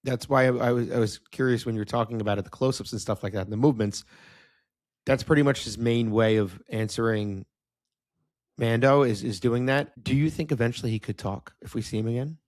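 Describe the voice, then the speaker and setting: A man's voice: mid-range voice, a little fast, a little mellow, no echo, studio quality. A man co-hosting a film podcast, giving his opinions in a candid, offhand way and swearing casually. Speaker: podcast co-host. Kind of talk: casual film review chat.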